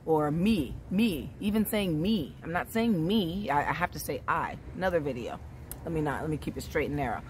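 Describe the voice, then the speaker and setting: Woman, lowish voice, laid-back spiritual vlogger, faint background noise. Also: normal speed. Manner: relaxed, chatty, repeats "right?" often. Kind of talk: casual spiritual vlog talk.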